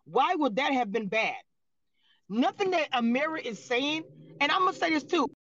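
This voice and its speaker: A woman's voice: high-pitched, expressive, moderate pace, fairly bright tone, dull audio, slight background noise. A woman commentating on reality TV in a livestream reaction, blunt, profane and heated.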